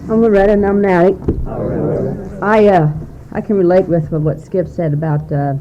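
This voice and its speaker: A woman's voice: fairly low pitch, moderate pace. Woman sharing hesitantly at a recovery meeting, muffled, faintly hissy tape. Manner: hesitant, with many fillers. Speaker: meeting chair and attendee. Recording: dull lo-fi tape with faint noise.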